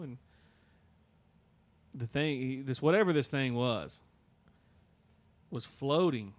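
A man hosting a podcast, telling a story in a casual, halting way with many fillers and restarts. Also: mid-range voice, animated. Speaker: podcast host.

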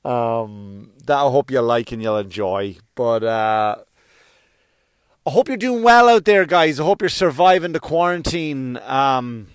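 A middle-aged man hosting his podcast with a rambling, self-deprecating comedic patter. His voice sits dry and close to the microphone, with no room around it. He tends to break into loud sung outbursts between his ordinary chat. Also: mid-range voice, lively intonation, a little slow, clear, resonant tone, dry recording. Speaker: podcast host. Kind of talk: casual comedic monologue.

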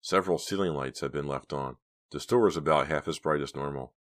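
A man narrating a novel as an audiobook, in a measured, hushed storytelling manner. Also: very deep voice. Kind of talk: scripted narration.

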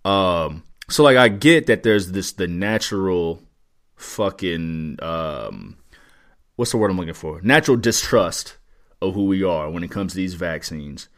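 A man co-hosting a podcast in casual chat, ranting in a profane, excitable way. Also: sits low, measured pace. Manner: profane, excitable, riffing rants. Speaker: podcast co-host.

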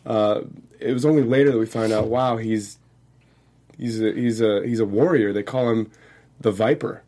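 A man's voice: on the low side, moderate pace, dark tone. A man co-hosting a casual podcast, rambling and joking with frequent restarts. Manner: jokey, rambling, with many restarts. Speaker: podcast co-host. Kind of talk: casual chat.

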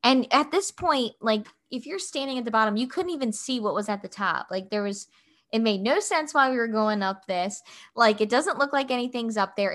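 Chatty middle-aged woman host, a bit high-pitched, casual storyteller. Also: fairly bright tone. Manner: chatty, heavy use of filler "like". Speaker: podcast host.

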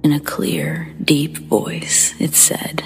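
A woman's voice: low-pitched, level tone, faint music behind. Whispering woman narrating scary stories. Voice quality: breathy whisper with gravelly fry. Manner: hushed, slow and measured storytelling. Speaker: horror story narrator and host.

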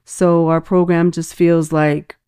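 A woman's voice: on the low side, little pitch movement, slow pace, mellow, clean tone. A woman with a New York accent, a teacher who is a guest on a podcast, chatting casually and plainly. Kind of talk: casual conversation.

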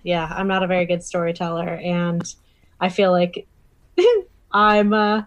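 A woman's voice: lowish voice, unhurried, no room sound, dull audio. Chatty woman, close dry mic. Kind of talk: casual chat.

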